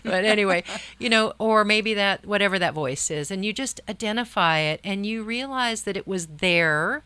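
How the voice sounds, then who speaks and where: A woman's voice: mid-range voice, normal speed, pushed and bright, smooth, dry recording. A woman guest, a medical doctor, talking reflectively in an interview and often rephrasing mid-sentence. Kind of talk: conversational interview.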